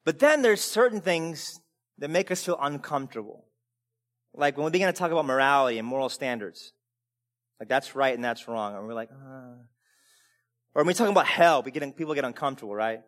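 A man with a high voice preaches with lively swings between hushed asides and loud, emphatic peaks. He often stumbles and repeats words as he restarts a thought. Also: fairly quick. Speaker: pastor. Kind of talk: sermon.

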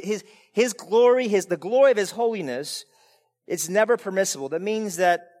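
Male pastor, high-pitched, animated sermon delivery, repeats words on restarts. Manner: animated preaching, swinging between quiet and emphatic.

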